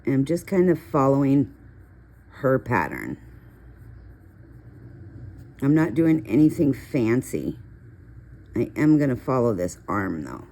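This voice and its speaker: A woman's voice: a bass voice, very animated, slow, long pauses, dark tone. A middle-aged woman hosting a coloring video, chatting casually and telling rambling stories while she works. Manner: chatty, storytelling, rambling asides. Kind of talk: casual coloring tutorial chat.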